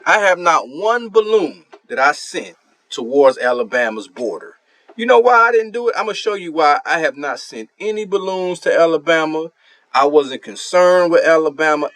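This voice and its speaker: A man's voice: on the high side, a bit bright, no room sound. A man giving casual commentary on a strategy game, ranting in an indignant, mocking way about another player.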